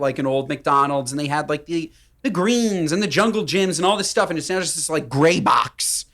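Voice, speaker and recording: A man's voice: a little high, a bit bright. A man co-hosting a chat podcast, giving listener advice in a teasing, wry way with emphatic repetition. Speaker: podcast co-host. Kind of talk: casual banter giving advice.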